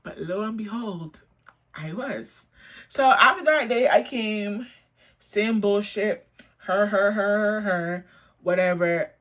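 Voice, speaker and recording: A woman's voice: medium pitch, slow pace, a bit bright. A young woman telling a storytime vlog in a blunt, profane, indignant way. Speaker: storytime vlogger.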